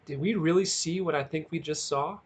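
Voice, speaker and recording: A man's voice: on the high side, brisk, breathy edge. A frightened young teenage boy, his voice lifted a little above the reader's own and trembling with tears and pleading. A man reads him aloud from a storybook. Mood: hushed wary. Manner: shaky, pleading, tearful.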